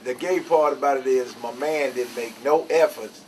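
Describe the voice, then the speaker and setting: A man's voice: mid-range voice, moderate pace, a little mellow, a little hiss or hum. A man talking bluntly and heatedly, full of swearing, in a casual chat.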